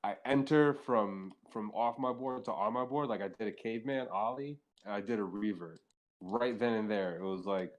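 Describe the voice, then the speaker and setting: A man's voice: fairly low pitch, moderate pace. A young man as a podcast guest, telling casual, rambling stories, swearing freely and saying "like" all the time. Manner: rambling, profane, heavy use of filler "like". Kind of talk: casual storytelling chat.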